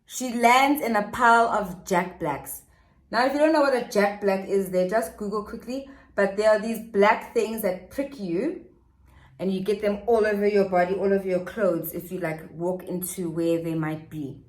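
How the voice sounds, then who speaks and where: A woman's voice: medium pitch, moderate pace. Sassy woman telling a story. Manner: animated, sassy storytelling, acting out quotes. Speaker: vlogger. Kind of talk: storytime vlog. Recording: roomy echo.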